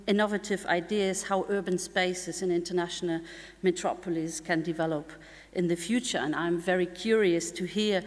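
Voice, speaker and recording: A woman's voice: on the low side, moderate pace. Woman speaking in a large hall. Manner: lively, warm speech with small laughs and restarts. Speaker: deputy mayor giving a welcome speech. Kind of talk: conference welcome address. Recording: echoey hall from a stage mic.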